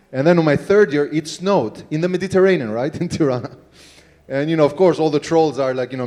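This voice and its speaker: A man, a city mayor on a panel, telling an anecdote in a relaxed way with many fillers. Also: fairly high pitch, brisk.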